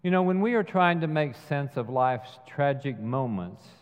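A man preaching a sermon, retelling a film scene slowly and measuredly. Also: a little high, lively intonation, clean tone. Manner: slow, measured storytelling with acted quotes. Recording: dull sound with long hall reverb.

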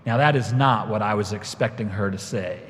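A man's voice: on the low side, a little fast, fairly bright tone, slight background noise. A man preaching a sermon, telling a personal story and tying it to scripture, his voice rising when he quotes his younger self. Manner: storytelling, rises when quoting himself. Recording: long reverb of a large hall.

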